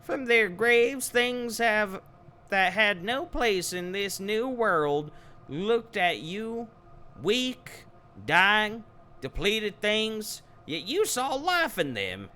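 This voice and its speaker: A man's voice: sits high, very animated, very slow, sharp tone, voice pushed up, exaggerated voice. A man voicing an ancient female spirit who recites solemn, adoring praise.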